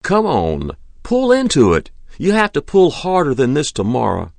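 A man's voice: a little high, big pitch swings, moderate pace, creaky, no echo, pitched above the performer's own voice, exaggerated voice. A man voicing a middle-aged farmer and father who jokes and teases. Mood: urging. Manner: joking, teasing.

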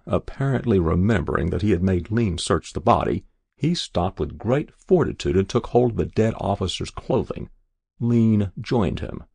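Gravelly low male audiobook narrator. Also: dry recording. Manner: measured, even storytelling.

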